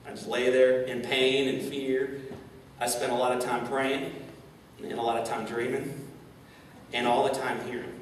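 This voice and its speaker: A male motivational speaker from St. Louis, Missouri, gives an inspirational keynote in a large indoor event hall. His voice is mid-range, and he stammers into repeats and asks frequent rhetorical questions. He stands far from the mic in the echoey hall, with slight background noise.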